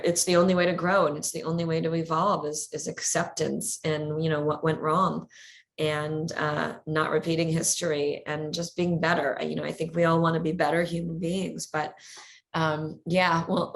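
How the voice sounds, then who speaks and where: A middle-aged woman chatting as a guest in an interview, energetic, laughing often and repeating words as she talks. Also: low voice. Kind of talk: casual interview chat.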